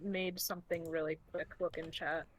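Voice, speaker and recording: A woman's voice: sits low, level tone, normal speed, no echo, poor audio. A woman playing a tabletop game, chatting and joking with the group. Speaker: player. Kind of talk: casual tabletop game chat.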